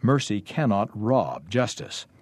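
A man's voice: lowish voice, sing-song, measured pace, no echo. A man voicing a stern male creditor who insists on justice, read out firmly and plainly.

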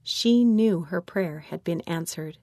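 A woman reading aloud a grown son's calm retelling of his mother's story. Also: fairly low pitch, takes it slowly, no room sound, studio quality. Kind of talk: read-aloud quoted story.

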